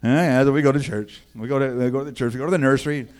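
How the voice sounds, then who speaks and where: A man's voice: medium pitch, racing. Folksy man telling his testimony. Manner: animated, acts out the other people's voices in his story; casual and folksy, with 'man' and 'boy, I tell you'. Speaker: speaker giving a personal testimony.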